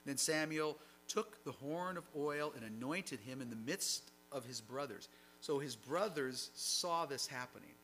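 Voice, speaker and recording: A man's voice: medium pitch, measured pace, bright, forceful tone, slight background noise, rough recording. A man preaching a sermon, reading scripture aloud and explaining it in a conversational way. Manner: reads passages aloud then comments conversationally.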